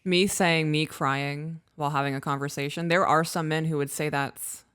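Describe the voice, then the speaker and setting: A woman's voice: low-pitched, steady tone, normal speed, fairly bright tone, smooth, no room sound. Woman cohost talking about her feelings, earnest and reflective, dry close mic. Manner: earnest, reflective, frequent short affirmations. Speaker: podcast co-host. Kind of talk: casual relationship chat.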